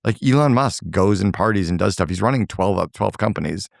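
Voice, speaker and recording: Older guy guest, gravelly low voice, emphatic and blunt, swears a bit, dry room. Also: animated, brisk, dry recording. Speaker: interview guest, entrepreneur. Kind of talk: advice-giving conversation.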